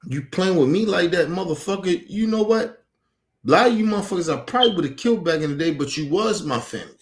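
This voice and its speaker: This streamer's voice is high-pitched and fast with lively intonation as he angrily rants about his family. The heated personal rant is emphatic and packed with profanity.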